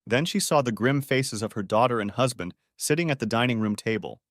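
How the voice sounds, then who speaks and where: A man narrating a dramatic family story in an expressive reading. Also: mid-range voice, fairly quick, no echo, clean studio sound.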